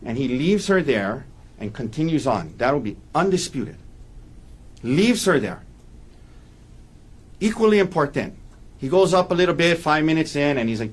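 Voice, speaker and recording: A man's voice: a little high, very animated, normal speed, long pauses. A man giving a courtroom opening statement as defense attorney, emphatic and repeating key points for weight.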